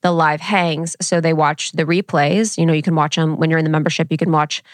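A woman's voice: low voice, level tone, fairly quick, no room sound. A woman co-hosting a casual chat, telling stories animatedly with lots of slang and filler words. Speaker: podcast co-host.

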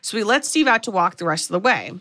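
Podcast host, woman, bright tone, chatty plot recap. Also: medium pitch, lively intonation, fast. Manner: chatty storyteller, quotes characters. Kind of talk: casual movie recap.

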